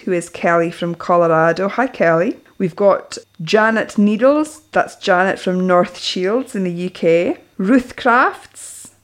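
Scottish woman host, chatty and cheery, kinda low voice, lots of laughing. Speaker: podcast host. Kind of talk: casual podcast chat with listener shout-outs.

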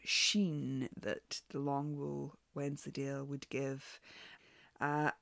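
A woman's voice: low-pitched, no echo, studio quality. A woman hosting a knitting show, reviewing patterns in a chatty, frank way, full of ums and restarts. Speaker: knitting podcast host. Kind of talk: casual spoken review.

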